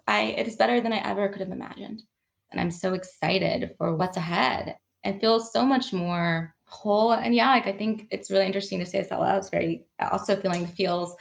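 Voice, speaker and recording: Woman guest on a podcast, gravelly voice, talks from the heart, laughs a lot. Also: medium pitch. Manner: earnest, emotional, laughs often. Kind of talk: reflective conversational interview.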